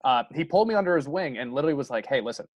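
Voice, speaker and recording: A man's voice: a little high, expressive, rapid-fire, no echo. A young man, a guest comedian, rambling earnestly and self-doubtingly in casual podcast talk.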